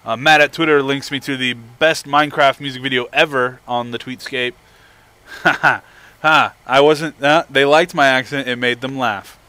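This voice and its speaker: A young man hosts a live stream in an easy, casual way, reading out viewer comments and chatting between games. His voice is bright and lively at an ordinary pitch. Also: moderate pace, clean tone. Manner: upbeat, reads viewer messages aloud. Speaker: livestream host.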